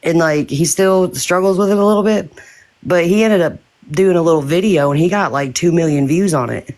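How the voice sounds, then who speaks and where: A woman's voice: on the low side, fairly quick, a little mellow. A middle-aged woman and mother chatting casually, blunt and swearing freely. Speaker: mother in a group chat. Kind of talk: casual chat.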